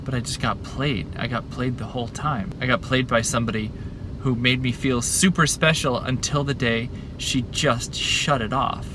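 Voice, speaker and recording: A man's voice: medium pitch, steady tone, moderate pace, background noise. A man recording a candid video diary from his parked car, talking in a rambling, self-reflective, conversational way. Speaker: vlogger.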